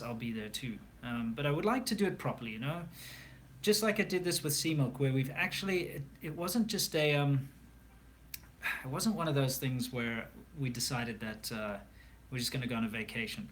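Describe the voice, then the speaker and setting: A South African man chatting on a livestream, answering viewer questions in a loose, rambling way full of "um" and "you know." His voice sits at a middle pitch. A faint hum of ambience sits under the recording. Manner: rambling, candid, many fillers and restarts. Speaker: livestream host. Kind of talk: casual livestream Q&A.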